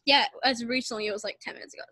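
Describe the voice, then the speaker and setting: A woman's voice: on the high side, steady tone, very fast, pushed and bright, no room sound, low-quality recording. A young girl co-hosting a casual podcast, rambling and giggly, acting out text messages in a sassy voice. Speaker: podcast co-host. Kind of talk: casual chat.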